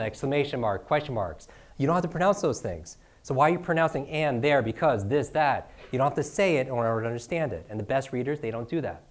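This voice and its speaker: A middle-aged man teaching a seminar to a live audience, firing off rhetorical questions and tagging lines with "right?". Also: medium pitch. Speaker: speaker teaching speed reading. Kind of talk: energetic live seminar talk.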